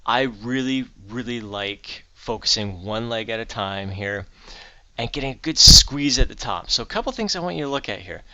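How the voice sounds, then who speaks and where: A middle-aged man talks through his day and his workout in an easygoing, upbeat way, pausing on little fillers as he explains each move. His voice sits in a mid range, and the recording is dry with hardly any room sound. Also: medium pitch, animated, sharp tone, no echo, lo-fi sound. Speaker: fitness vlogger. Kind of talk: casual vlog and exercise instruction. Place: home office, then a gym.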